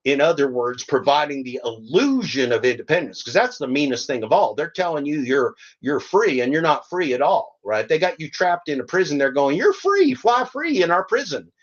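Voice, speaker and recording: Older male podcast host, mid-pitched, fiery and sarcastic, rambling asides, slow emphatic reading, muffled home recording. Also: animated. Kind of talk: reading aloud and ranting.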